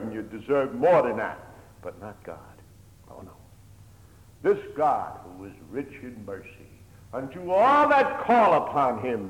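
A man preaching a sermon, swinging between loud pleading and hushed near-whispers, with old-fashioned pulpit phrasing that keeps calling his listeners "my hearers". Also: mid-range voice. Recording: echoey hall, long reverb.

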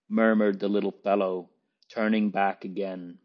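Slow, low-voiced male storyteller. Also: level tone, muffled recording. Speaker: narrator. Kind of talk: scripted narration.

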